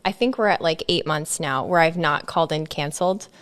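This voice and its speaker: A woman's voice: low voice, a little fast, a bit bright. A woman hosting a podcast, talking casually and candidly, playful when she quotes herself. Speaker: podcast host.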